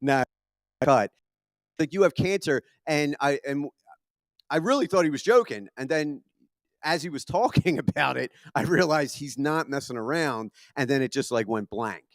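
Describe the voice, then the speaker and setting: A man's voice: medium pitch, normal speed, no echo, studio quality. A man in his thirties with a Philadelphia accent doing a profane, self-deprecating stand-up comedy set. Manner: profane, self-deprecating, punchy delivery with lots of swearing. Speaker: stand-up comic. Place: comedy venue with a live audience.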